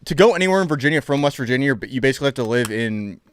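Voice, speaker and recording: A man from Pennsylvania, a member of the podcast crew, chatting casually, quick and a little hesitant. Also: mid-range voice, expressive, clean tone. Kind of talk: casual studio chat.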